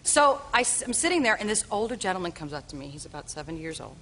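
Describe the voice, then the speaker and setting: A woman guest on a late-night talk show, telling a comic anecdote in a deadpan way and acting out the other people's lines. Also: on the low side, fast. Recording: television studio with audience noise.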